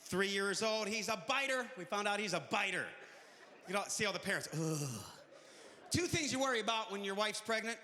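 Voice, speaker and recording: High-pitched guy doing stand-up, chatty and punchy, bright voice, faint room noise. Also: expressive, brisk, big-room sound. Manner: punchy, chatty crowd work. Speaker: comedian. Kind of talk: stand-up comedy set.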